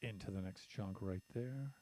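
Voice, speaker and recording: A man's voice: sits low, moderate pace, dark tone, a little hiss or hum. A man streaming a building game, counting blocks aloud and talking to himself as he works. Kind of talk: casual commentary while building in a game.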